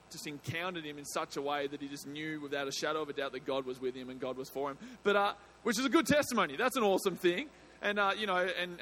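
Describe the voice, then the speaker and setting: A man, a pastor, speaking to his congregation in an energetic, joking way with loose, filler-heavy phrasing at a church service. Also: a little high, slight background noise. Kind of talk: sermon, addressing a congregation.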